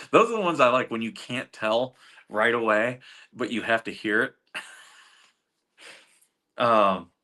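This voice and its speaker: Hosting a livestream, a middle-aged man reads chat and rambles casually through stories with frequent chuckles and fillers. His medium-pitched voice is pushed and bright, with lively intonation, a slow pace, and long pauses.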